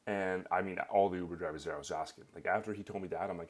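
A man's voice: low-pitched, racing, hardly any pauses, husky. A young Canadian man with a Canadian accent telling a personal story in a rambling, casual way, full of fillers. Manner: rambling, filler-heavy, animated.

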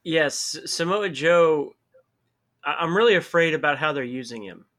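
A man's voice: a little high, animated, normal speed, fairly bright tone. A man co-hosting a casual wrestling recap podcast, playful and joking. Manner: playful, does mock voices. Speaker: podcast co-host.

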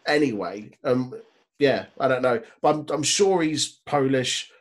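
A man's voice: medium pitch, unhurried. A young man co-hosting a casual chat, making jokey, sweary asides and laughing often. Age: young adult. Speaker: podcast co-host.

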